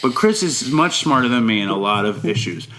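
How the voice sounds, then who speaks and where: A man's voice: mid-range voice, animated, a little fast, a bit bright, slight background noise. Male podcast co-host, casual chat, nervous and rambling, mid-range voice. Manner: nervous, rambling storyteller who acts out voices. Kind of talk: casual chat with comic impressions.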